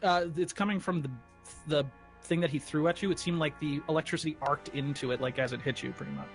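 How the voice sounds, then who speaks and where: A man's voice: on the high side, fairly even intonation, fast, faint music behind. A man narrating as game master, laid-back and often chuckling.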